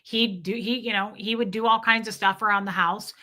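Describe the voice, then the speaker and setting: Woman, 30s, vlogger; bright, tense tone; animated, candid storyteller who swears at times. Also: mid-range voice, fairly quick. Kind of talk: casual storytelling to viewers.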